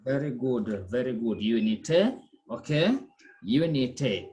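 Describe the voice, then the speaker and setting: This language teacher runs a pronunciation lesson in a mellow, mid-range voice, animated yet unhurried. She quizzes the class, patiently repeats words, and checks in with "okay?" and "eh?".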